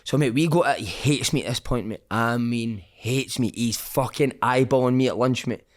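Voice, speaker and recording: A man's voice: mid-range voice, normal speed. A man, a former footballer, telling laddish anecdotes as a podcast guest, swearing freely and calling everyone mate. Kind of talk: casual storytelling chat.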